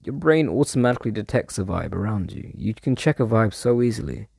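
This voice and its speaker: A man with a gravelly, low-set voice rambles through a casual solo monologue. His tone is mellow, and he drifts off topic and swears in passing. The sound is dry and close. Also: expressive, a little fast, no echo.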